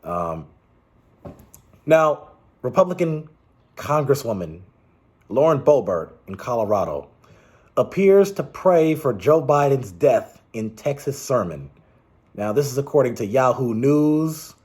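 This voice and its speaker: A man's voice: mid-range voice, very animated, a little slow, pauses often, a little mellow, husky. A man giving casual, rambling political commentary, exasperated and restarting his sentences often.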